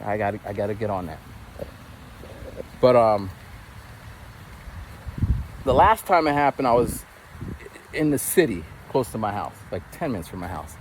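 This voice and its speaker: A man's voice: fairly low pitch, big pitch swings, moderate pace, long pauses. A man telling a casual story as a vlogger, rambling with many restarts and repeated words, recorded on a phone outdoors near traffic.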